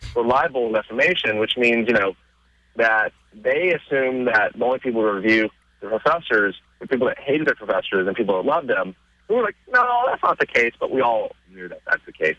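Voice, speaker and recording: A man being interviewed on radio, telling stories casually and getting excited, his voice jumping up in pitch as he retells scenes. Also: no room sound, dull audio. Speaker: interview guest.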